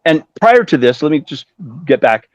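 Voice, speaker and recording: A man in his fifties telling stories casually as a musician guest, animated and acting out the voices of other people he quotes. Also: fairly high pitch, normal speed, no echo. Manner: animated, acts out quoted voices, swears freely. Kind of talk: casual storytelling. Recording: dull dry lo-fi sound.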